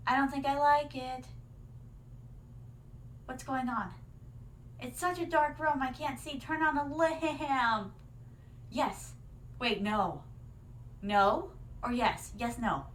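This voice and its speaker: A woman's voice: high voice, slow, long pauses, slight background noise. A woman streamer reacting live in a theatrical, regal manner, calling her viewers "my darlings" and dropping Japanese fillers. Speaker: vtuber streamer.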